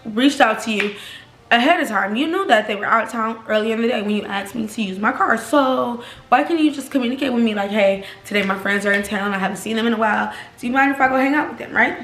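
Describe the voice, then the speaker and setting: Animated young woman telling a storytime. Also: fast. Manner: animated, acts out quotes in higher pitch. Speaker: storytime vlogger. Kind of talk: casual storytelling. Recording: echoey room, faint background noise.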